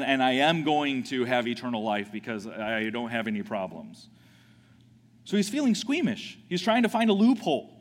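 Lively male pastor in a reverberant hall. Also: medium pitch. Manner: conversational, restarts often, asks the congregation questions. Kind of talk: sermon.

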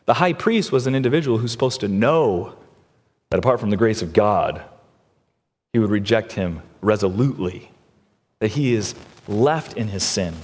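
A male pastor preaching a sermon with a lively, swinging delivery, rising high when he acts out other people's words. His voice rings with a long reverb, as in a church sanctuary. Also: normal speed, long pauses.

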